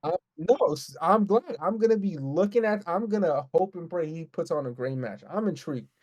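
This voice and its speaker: A man co-hosting a casual podcast, ranting in a heated, profane, fast way. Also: a little high, expressive, darkish tone, highs cut off. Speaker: podcast co-host. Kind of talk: casual wrestling podcast rant.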